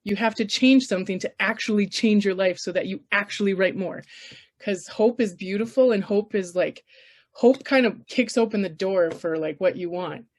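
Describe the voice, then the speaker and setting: A woman's voice: medium pitch, moderate pace. A woman from Canada presenting a casual writers' workshop, emphatic, blunt and encouraging.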